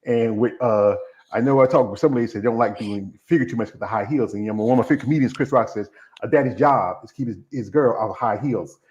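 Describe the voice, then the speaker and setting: A man's voice: medium pitch, quick pace, darkish tone. A man hosting an interview, talking casually and rambling with half-finished sentences. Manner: rambling, easygoing, trails off mid-sentence. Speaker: interview host. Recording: dull lo-fi recording.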